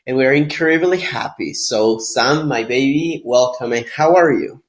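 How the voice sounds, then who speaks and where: A man with a hoarse voice from being sick, co-hosting a podcast in chatty casual talk with fillers. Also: medium pitch, moderate pace. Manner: chatty, loose, with fillers like "you know". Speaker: podcast co-host. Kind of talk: casual couple chat.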